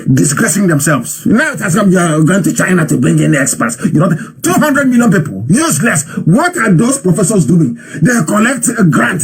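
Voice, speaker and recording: A man's voice: sits high, slightly rough. A man giving impassioned live commentary, scolding his listeners with fiery rhetorical questions.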